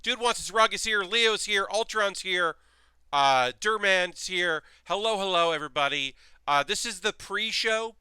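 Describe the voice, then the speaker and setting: Bright, crisp-voiced male streamer. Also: sits high, animated, measured pace, no echo. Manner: rambling and chatty, reading chat aloud. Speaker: streamer and model kit builder. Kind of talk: casual live-stream chat.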